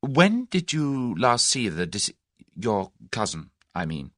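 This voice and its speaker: A man's voice: mid-range voice, no echo, clean studio sound, heavily acted. A man voicing Tuppence, an eager, impulsive young woman adventurer, in an audiobook. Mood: pert. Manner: excitable, quick, animated.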